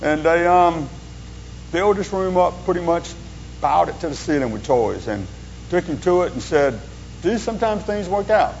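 A man's voice: fairly high pitch, normal speed, gravelly. A man preaching an informal sermon as a pastor, telling stories in a folksy, rambling way with joking asides. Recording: dull lo-fi sound with faint hum.

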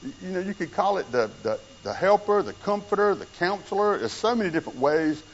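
A man's voice: sits high, animated, brisk, highs cut off, slight background noise. A middle-aged man preaching a sermon as a pastor, earnest and conversational, slipping into quoted asides.

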